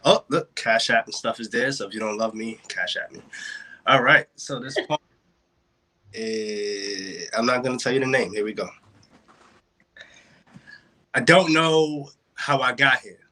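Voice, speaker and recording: Bright-voiced man performing spoken word. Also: medium pitch, a little slow, pauses often. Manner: rhythmic, builds in intensity, uses wordplay. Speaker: open mic poet. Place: home, joining a virtual open mic. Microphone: video call.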